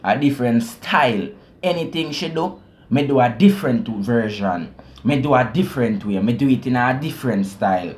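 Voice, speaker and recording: A man with a Jamaican accent talks through a song in relaxed reaction-video commentary. His voice sits at an ordinary middle pitch, and he stays lively and chatty, breaking into patois explanations and easy chuckles. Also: normal speed. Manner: animated, explains lyrics in patois, chuckles often. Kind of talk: casual commentary.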